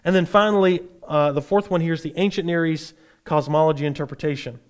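A man teaching a Bible class, explaining in a relaxed, explanatory way with frequent fillers. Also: on the high side, quick pace.

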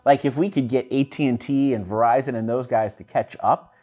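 A man's voice: mid-range voice, a little fast. A man talking casually on a business panel, joking and often restarting his sentences. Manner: joking, lively, repeats himself. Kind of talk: panel discussion.

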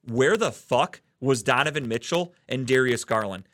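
Male podcast host from the Cleveland area, heated and profane sports rant, mid-pitched voice, dry close recording. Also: animated, normal speed, fairly bright tone, dry recording.

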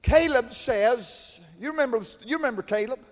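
A man preaching a sermon, swinging between shouted, chanted climaxes and quiet, conversational asides. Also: very high voice, normal speed. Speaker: pastor. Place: large church. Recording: long reverb of a church hall.

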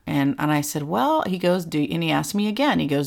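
A middle-aged woman talking casually and telling stories in an animated, chatty way. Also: sits low, normal speed, gravelly, hardly any pauses. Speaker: co-host. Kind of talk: casual chat.

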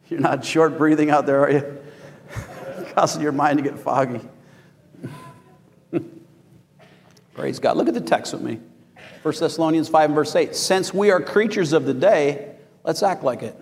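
Brief: high-voiced male pastor, lively, calls for amens, church reverb. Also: unhurried, long pauses. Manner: animated, rising to shouts, asking the congregation for amens. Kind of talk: sermon.

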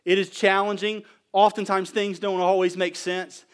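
A man preaching a sermon, emphatic and full of rhetorical questions, swinging between near shouts and quiet, low stretches. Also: flat delivery, moderate pace, smooth. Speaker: pastor.

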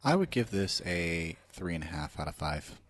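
A man's voice: deep voice, sing-song, normal speed, no echo. A man on a casual movie podcast, laid-back and brief.

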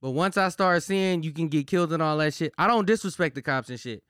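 A man's voice: on the high side, a little fast, fairly bright tone, clean tone, dry recording, studio quality. A man with hosting a casual group podcast, steering the talk and pulling it back on topic. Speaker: podcast host.

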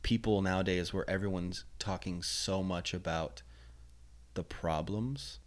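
Low-voiced rambling young man. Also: measured pace. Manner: rambling, animated, restarts often. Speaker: podcast guest. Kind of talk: casual podcast chat.

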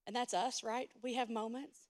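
A woman pastor preaching a sermon, swinging between loud urgent passages and soft hushed speech, with direct asides to the congregation. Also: a little high, fairly even intonation, normal speed.

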